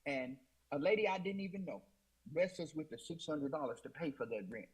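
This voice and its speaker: Interview guest: a man with a slightly high, husky voice who tells his testimony earnestly and repeats himself. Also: a little fast, poor audio. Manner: earnest, repetitive retelling with many fillers and restarts. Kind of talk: personal testimony storytelling.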